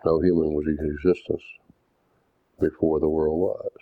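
Male preacher, deliberate teaching sermon with scripture readouts; deep bass, dry and lo-fi like a phone line. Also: little pitch movement, dry recording. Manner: deliberate, didactic, reads verses aloud. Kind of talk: doctrinal sermon with scripture readings. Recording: tinny phone-like dry sound.

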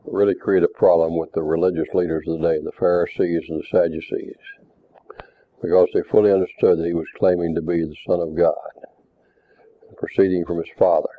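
Deep-voiced man teaching scripture. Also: little pitch movement, dry recording. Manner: measured, reads scripture aloud. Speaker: preacher. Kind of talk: Bible teaching. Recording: tinny phone-like recording.

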